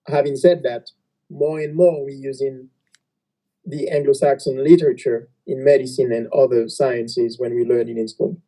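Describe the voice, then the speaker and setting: A man with a very dark, mellow voice speaks as a conference panelist. His delivery is explanatory and matter-of-fact. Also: medium pitch, fairly even intonation, moderate pace, poor audio.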